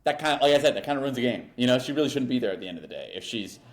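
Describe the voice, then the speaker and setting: A man at an ordinary middle pitch co-hosting a podcast. He talks casually but bluntly, pressing his opinions with emphasis. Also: lively intonation, very fast. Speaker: podcast co-host. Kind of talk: casual recap chat.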